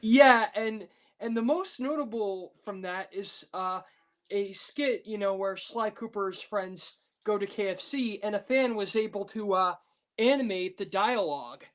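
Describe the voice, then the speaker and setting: A woman's voice: medium pitch, unhurried. A woman chatting casually on a podcast, rambling with many fillers. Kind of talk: casual chat.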